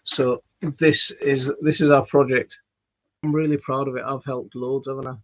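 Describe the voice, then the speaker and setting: This gardening-channel host from West Yorkshire, England talks casually to camera at a moderate pace, his mid-range voice slightly bright and fairly flat in pitch. He rambles, restarts often, leans on fillers and pokes fun at himself. A phone captures him in an indoor home studio, and the dry recording sounds dull and lo-fi.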